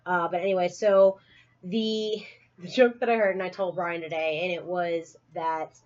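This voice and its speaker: A woman's voice: on the low side, fairly even intonation, normal speed, darkish tone, dull audio. A woman co-hosting a casual podcast chat, telling a story and laughing often. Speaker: podcast co-host.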